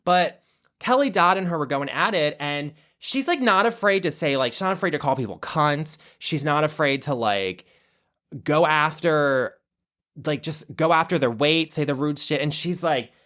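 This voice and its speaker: A man's voice: fairly high pitch, normal speed. A man hosting a podcast, gushing in a casual, profane monologue about his favourite reality stars. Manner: animated, profane, gushing fan talk. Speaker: podcast host.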